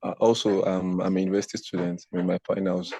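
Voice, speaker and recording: A young man from Nigeria in his twenties, speaking in a relaxed, matter-of-fact way on a video call. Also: deep voice, quick pace, creaky, husky, no room sound. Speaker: participant. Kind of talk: casual video call chat.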